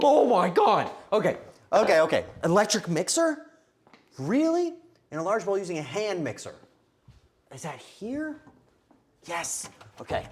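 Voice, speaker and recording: A man's voice: on the high side, a little hiss or hum. A man streaming a game live, talking to himself with frantic, joking commentary.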